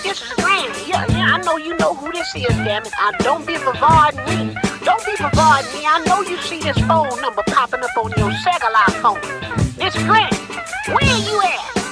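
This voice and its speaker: Squeaky old gangsta granny, bossy, voice jumping everywhere, loud music under it. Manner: bossy, scolding, demanding.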